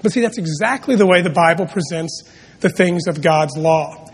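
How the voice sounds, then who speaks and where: Male pastor, high voice, slightly husky, earnest sermon delivery, church reverb. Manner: earnest, with dramatic pauses and emphatic rises. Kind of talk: sermon with prayer and storytelling. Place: church sanctuary. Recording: long reverb of a church hall.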